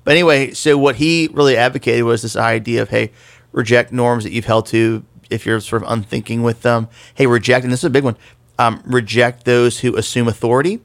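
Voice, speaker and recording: A man's voice: medium pitch, steady tone, a little fast, no room sound. A man co-hosting a casual podcast discussion about faith, explaining things conversationally with the odd self-deprecating joke. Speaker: podcast co-host.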